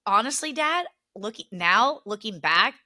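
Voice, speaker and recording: A young woman co-hosting a podcast, telling family stories in a casual, animated way, laughing often and acting out what relatives said. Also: a little high, a little slow. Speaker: podcast co-host. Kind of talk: casual chat, storytelling.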